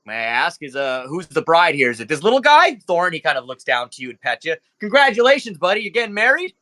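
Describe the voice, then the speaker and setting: A man's voice: fairly high pitch, very animated, quick pace, sharp tone. A man voicing a flamboyant male club owner who plays the showy host with nervous undertones.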